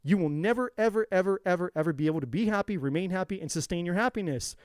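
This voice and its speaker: A man's voice: sits high, fast talker, smooth, dry recording, clean studio sound. A man giving a spiritual talk on a live tarot stream, preachy and profane, repeating words for emphasis. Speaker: tarot reader.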